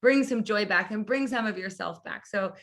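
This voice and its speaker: A woman's voice: mid-range voice, moderate pace. A woman hosting a podcast interview, chatty and effusive. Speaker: podcast host and coach. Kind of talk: casual interview.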